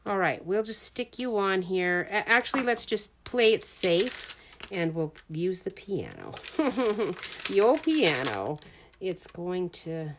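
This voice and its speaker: A middle-aged woman making a greeting card chats casually and rambles to herself as she works. Her medium-pitched voice swings widely in pitch and moves slowly, over a noisy backdrop of crinkling paper and stamp clicks.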